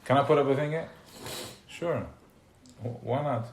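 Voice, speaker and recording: Animated man teaching in a roomy space. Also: mid-range voice, moderate pace. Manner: animated, gets worked up and loud, then drops to quiet asides. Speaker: teacher of a class. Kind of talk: informal live teaching talk to a small group. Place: room with a small live audience. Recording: roomy live recording with faint noise.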